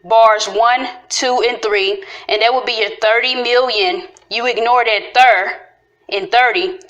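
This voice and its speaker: A woman's voice: fairly high pitch, fairly even intonation, a bit bright, lo-fi sound. Casual woman breaking down rhymes. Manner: talks through syllables slowly, repeating and stretching sounds. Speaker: video creator explaining rhyme schemes. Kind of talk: casual explanatory walkthrough.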